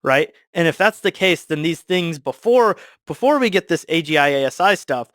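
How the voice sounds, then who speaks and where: A man speaking as a podcast guest, animated and quick, explaining with lots of fillers. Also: fairly high pitch, no room sound, clean studio sound. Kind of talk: casual discussion.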